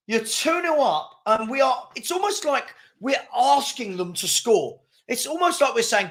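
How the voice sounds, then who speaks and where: A man's voice: extremely high pitch, sing-song, measured pace, few pauses, fairly bright tone. A man, hosting a live fan watchalong, calling the match and reading the chat with exasperated, laughing commentary.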